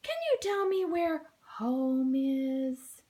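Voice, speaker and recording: A woman's voice: sits high, slow, dark tone. A woman voicing a lost little girl penguin chick who asks politely and plaintively for help.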